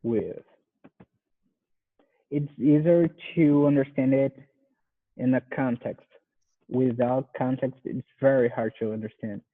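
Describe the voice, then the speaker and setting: Brazilian man, English learner, slow careful delivery, tinny call audio. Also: medium pitch, steady tone. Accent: Brazilian Portuguese. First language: Portuguese. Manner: halting, repeats words carefully. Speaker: English student, software engineer. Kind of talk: practicing pronunciation in a lesson.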